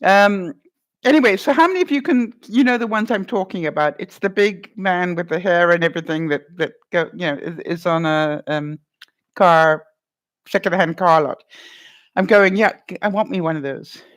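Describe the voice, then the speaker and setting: A woman's voice: lowish voice, normal speed. Chatty laughing woman vlogger. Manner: chatty, laughs often, acts out little voices. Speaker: vlogger reading live chat. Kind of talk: casual live-stream chat.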